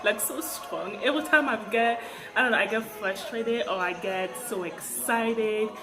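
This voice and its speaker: A young woman with an African accent telling a story to camera in a casual, animated way, laughing often and repeating words. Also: a little high, normal speed, music in the background. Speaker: vlogger.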